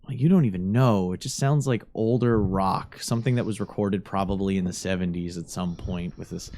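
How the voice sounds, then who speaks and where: A man narrating a tabletop role-playing scene as game master, describing the setting in a halting, searching way. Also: lowish voice, a little mellow.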